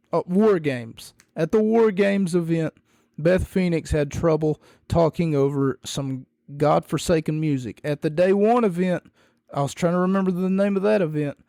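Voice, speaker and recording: A hoarse man with a frog in his throat hosts a podcast, talking in a rambling, casual way with wry, self-deprecating jokes. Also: fairly high pitch, dark tone, dry recording, clean studio sound. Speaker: podcast host.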